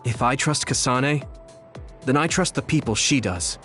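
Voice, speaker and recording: A man's voice: mid-range voice, a little slow, a bit bright, soft background music, lightly acted. An actor playing an earnest, straightforward young man who speaks sincerely and plainly in a game cutscene.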